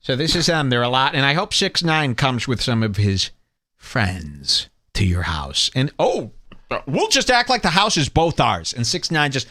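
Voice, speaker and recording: A man with a bright, lively voice riffs sarcastically as a podcast host. His delivery bounces up and down as he scoffs at the clips he plays, and the sound is close and dry. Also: medium pitch, moderate pace, dry recording. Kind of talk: mocking commentary.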